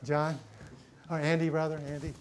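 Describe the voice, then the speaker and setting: A middle-aged man with a fairly high, flat voice speaks at a moderate pace over background noise. Teaching a cinematography workshop, he sets lights in a studio for a hands-on demonstration, thinking aloud with many fillers and restarts.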